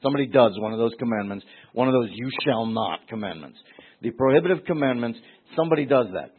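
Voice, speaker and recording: A man's voice: mid-range voice, expressive, quick pace, slightly rough. A man teaching verse by verse through a Bible passage, emphatic, repeating words and acting out the voices he quotes. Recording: tinny phone-like recording.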